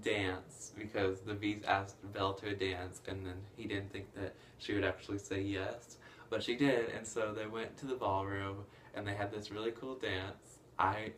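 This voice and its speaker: Rambling male movie reviewer, casual, excited bursts. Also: on the low side, slight background noise. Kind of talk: casual plot recap.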